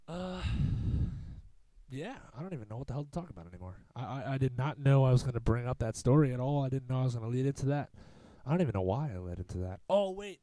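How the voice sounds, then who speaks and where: Rambling young man, dark dry voice. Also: mid-range voice, animated, fast, dry recording. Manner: rambling, profane, self-mocking. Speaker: podcast host. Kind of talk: casual storytelling monologue.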